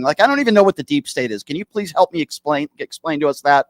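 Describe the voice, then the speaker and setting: A man's voice: fairly high pitch, animated, fast talker, no echo, clean studio sound. A man hosting a comedy call-in sketch, asking mock-innocent, teasing questions. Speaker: host.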